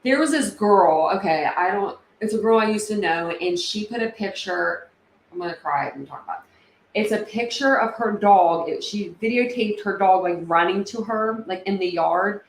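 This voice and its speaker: A woman's voice: medium pitch, lively intonation, moderate pace. Chatty woman livestreaming in an echoey room. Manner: chatty, emotional, many fillers. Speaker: livestream host. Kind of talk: casual livestream chat reading comments. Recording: echoey room with faint ambient noise.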